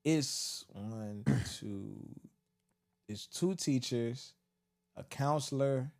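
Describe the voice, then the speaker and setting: A man's voice: mid-range voice, extremely slow, a little mellow. A man co-hosting a casual podcast, telling stories and acting out quotes, laughing often. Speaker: podcast co-host. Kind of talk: casual storytelling chat.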